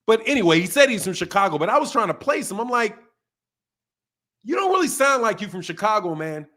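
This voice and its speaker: A man's voice: high-pitched, sing-song, fast, bright, forceful tone. A man hosting a casual podcast, ranting emphatically and swearing a lot. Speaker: boxing channel host. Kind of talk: casual profane podcast rant.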